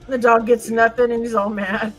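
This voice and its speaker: A woman in casual chat, retelling an anecdote with quick mimicry. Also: on the high side, level tone, soft background music, poor audio.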